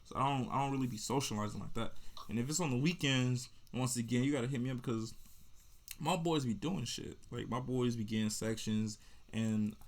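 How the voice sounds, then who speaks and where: Young man, podcast host, casual storytelling, slangy, rambling, mid-pitched voice. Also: a little fast. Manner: rambling, slangy, restarts and asides.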